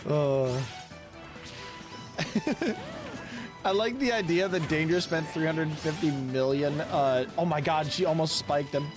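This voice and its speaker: A young man streaming a video game tournament, commentating with excited exclamations, laughter and quick character voices. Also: fairly high pitch. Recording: game music playing behind.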